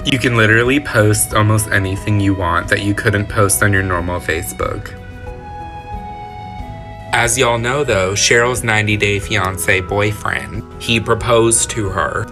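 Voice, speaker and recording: A man's voice: fairly low pitch, pushed and bright. A man hosting his own comedy series, telling a gossipy, campy story to camera. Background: music.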